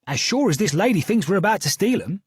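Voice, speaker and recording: A man puts on a cheeky young woman in an audiobook, her voice lifted high and lively. She is quick and brash, with a husky grain. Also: dry recording, clean studio sound, full character voice. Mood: excited.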